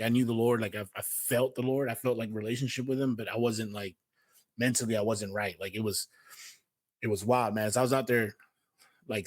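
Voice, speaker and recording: A medium-pitched man from Houston, Texas hosts an informal Bible message, talking slangily and conversationally with fillers such as "you know what I mean," "man," and "yo." It's a dry recording.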